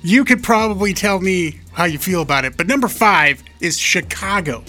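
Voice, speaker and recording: Man from idaho, radio co-host, high voice, bright tone, chatty. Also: animated, normal speed, faint music behind. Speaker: radio morning show co-host. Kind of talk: casual radio banter.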